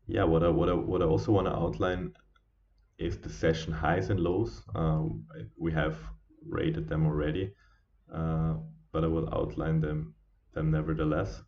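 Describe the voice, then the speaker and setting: A tired man talking casually through a live trading stream as its host, halting with many fillers and restarts. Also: rumbling low, little pitch movement. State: sleepy, yawning. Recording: dull lo-fi stream audio.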